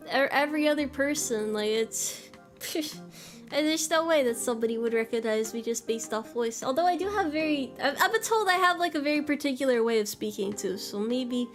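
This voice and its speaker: Young woman, high voice, giggly casual streamer chat, faint music under it. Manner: giggly, self-deprecating, trails off and restarts. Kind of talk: casual chat reading viewer messages.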